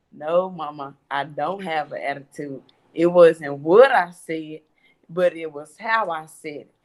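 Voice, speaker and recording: Young woman, daughter on church panel, animated storytelling. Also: lowish voice. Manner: animated, acts out her mother's lines.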